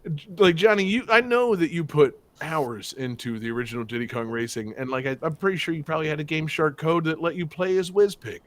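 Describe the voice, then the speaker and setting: A man's voice: on the high side, a little fast. A man hosting a game show podcast, chatting casually with lots of fillers, jokey asides and swearing.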